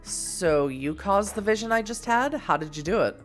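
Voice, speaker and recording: A woman's voice: medium pitch, lively intonation, moderate pace, faint music behind, voice pushed up, lightly acted. A woman reading the lines of a bewildered young male monster hunter in her near-normal voice. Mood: puzzled. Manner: confused, questioning.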